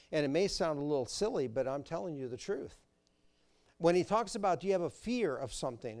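A male pastor preaching a sermon in a slightly high voice. He pauses to let the congregation fill in words. His delivery swings from loud emphasis to hushed intensity.

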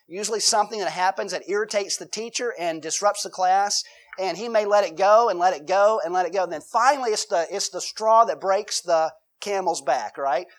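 A pastor delivers a sermon in a relaxed, conversational way. His voice sits high for a man. He reads scripture aloud and slips into quoted voices to act out everyday examples.

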